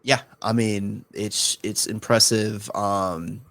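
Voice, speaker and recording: A man co-hosting a hockey podcast in casual chat, relaxed and rambling. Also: on the low side, takes it slowly, no room sound. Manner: relaxed, rambling, many fillers and restarts. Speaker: podcast co-host.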